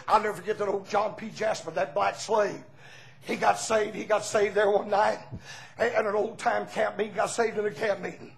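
An older man from the Southern United States preaches a fiery revival sermon in a church, building to shouted peaks and calling on the congregation to answer back. His voice sits high and gravelly, with a steady tone at normal speed.

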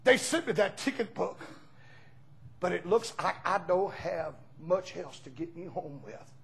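A man preaching a revival sermon, folksy storytelling that bursts into shouts. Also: high-pitched, a little slow, creaky, a little hiss or hum, rough recording.

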